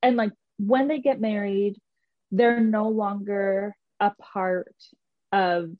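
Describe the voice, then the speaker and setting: A woman chatting casually as a mother, reflective and lively when quoting her child. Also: medium pitch, slow, no echo, phone-quality sound. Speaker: podcast co-host, mother of a daughter. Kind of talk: casual chat.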